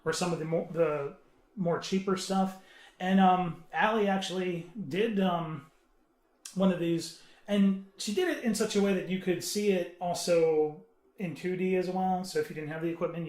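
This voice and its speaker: Male podcast panelist, high voice, earnest and halting, in a roomy echoey room. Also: steady tone, darkish tone. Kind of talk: casual podcast chat. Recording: roomy echo.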